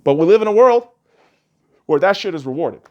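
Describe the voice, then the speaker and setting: Brief: crude, heated podcast host, lively, swooping delivery. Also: male voice, high-pitched, fairly quick, highs cut off. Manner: crude, heated, heavy swearing. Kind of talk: profane podcast rant.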